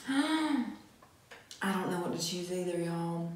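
A woman's voice: on the low side, lively intonation, slow. A woman with a Southern US accent, co-hosting an eating show and chatting eagerly about the food. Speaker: mukbang co-host. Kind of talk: casual eating-show chat. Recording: very echoey room, faint noise.

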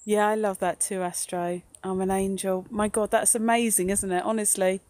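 A woman's voice: mid-range voice, little pitch movement, normal speed, darkish tone, dry recording. A woman livestreaming a ghost walk outdoors on her phone, chatting, joking with viewers and laughing often. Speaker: paranormal live streamer. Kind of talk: live-streamed ghost walk chat.

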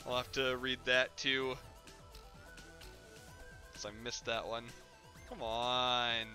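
A man's voice: mid-range voice, level tone, takes it slowly, pushed and bright, soft background music. A man streaming a game and chatting casually with his chat in a rambling, jokey way, laughing often. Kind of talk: casual live-stream chat while gaming.

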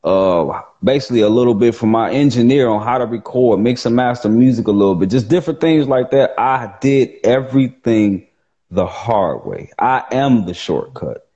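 A man with a baritone voice, a poet chatting as a guest on a live video call, animated and playful with his tone. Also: normal speed, highs cut off. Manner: animated, plays with his voice tones, laughs easily.

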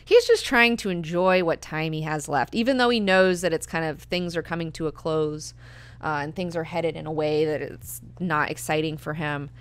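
A woman's voice: low-pitched, normal speed, clear, resonant tone. A young woman hosting a book club, talking casually and filling her speech with "like" and "you know". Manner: chatty, lots of "like" and "you know".

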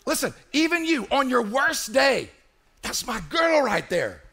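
A man's voice: extremely high pitch, vocal fry, pushed and bright. A man preaching a sermon as pastor in a church, emphatic and repetitive, calling on the congregation to answer him.

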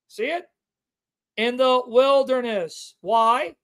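A man's voice: very high-pitched, a bit bright, clear, resonant tone. A man hosting a livestream Bible teaching, reading scripture aloud and stressing key words again and again. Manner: emphatic, repeats key words to drive the point home; reads scripture aloud with slow stressed delivery.

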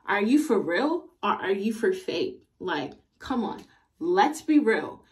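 A young woman vlogger telling a casual storytime in an animated, slangy, exasperated way. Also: mid-range voice, slow pace, recorded from a distance.

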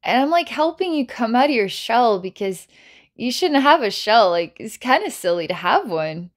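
A woman's voice: a little high, very animated, moderate pace. A woman psychic healer narrating a guided healing session, talking playfully with giggles and many filler words.

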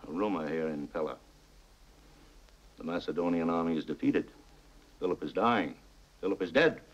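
In a 1950s epic film, an actor plays a cunning, stern middle-aged king and father who speaks in a low, husky, commanding voice at normal speed and questions others with scorn. The soundtrack is dull and lo-fi.

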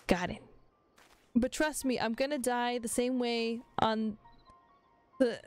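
A woman's voice: fairly high pitch, normal speed, darkish tone, faint music behind. A woman streaming a game with casual commentary, reading the dialogue aloud between chatty asides, swearing freely and laughing often.

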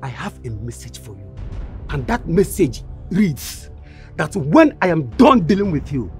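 A menacing village messenger. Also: male voice, fairly high pitch, sing-song, a little slow, darkish tone, soft background music. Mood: threatening. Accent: Nigerian. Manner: threatening, emphatic. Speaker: messenger from a chief. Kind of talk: Nollywood film acting.

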